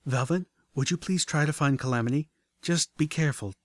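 A gritty little pony mare, breathless but stubborn, her voice pitched high as a man reads her. She sounds dry and close, with no room around her. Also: brisk, no room sound, lightly acted. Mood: determined. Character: young female pony mare, scrappy and determined.

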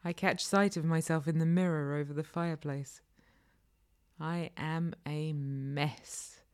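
Low, slow, breathy woman storyteller. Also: fairly even intonation. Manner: slow, breathy, often half-whispered. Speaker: narrator. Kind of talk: intimate first-person erotic audio story.

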